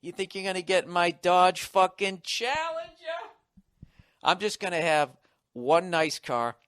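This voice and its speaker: A man's voice: medium pitch, dry recording. Profane rambling man, dry close mic. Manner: profane, rambling, self-mocking; rises to loud excited outbursts. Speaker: podcast host. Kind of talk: solo comedic podcast monologue.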